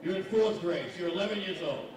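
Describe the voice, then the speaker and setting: A man's voice: high voice, fast talker. A man doing profane stand-up comedy, teasing the audience at a breakfast event. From Massachusetts. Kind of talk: stand-up with crowd work. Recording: echoey hall, distant mic, crowd noise.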